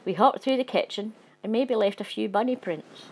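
A woman narrating a children's storybook in a gentle, playful way. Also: mid-range voice, normal speed, breathy edge. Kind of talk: storybook reading.

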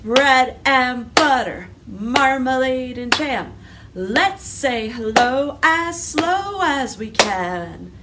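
A woman leads children's storytime in a coaxing, sing-song way, teaching a simple hello song. Her voice sits a little high and moves at an unhurried pace. She sounds distant from the microphone, with clear noise running underneath. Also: lively intonation. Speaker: librarian leading storytime.

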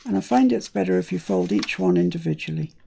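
A British woman hosts a casual crafting tutorial, chatting and thinking aloud as she works. Her voice is strongly gravelly and mellow in tone. A faint hiss sits under the recording. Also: lowish voice, fast talker. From United Kingdom.

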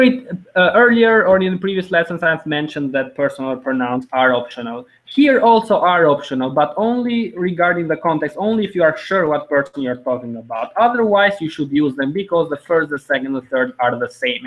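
A man with a fairly high voice leads a live online lesson, explaining step by step and repeating example phrases. The sound is dull and lo-fi, like a streamed class. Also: lively intonation, a little fast, hardly any pauses. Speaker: language teacher.

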